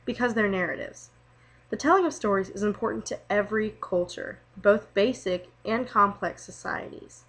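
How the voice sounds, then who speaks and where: A young woman reads her class project aloud as narration. Her delivery is steady and scripted, like a student presenting a report. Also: mid-range voice, rough recording.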